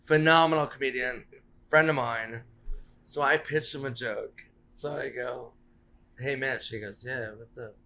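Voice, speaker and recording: A man's voice: mid-range voice, fairly even intonation, measured pace, pushed and bright, slight background noise. A man, a comedian guest on a podcast, rambling through comic stories, swearing and laughing at his own punchlines. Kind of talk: casual podcast chat.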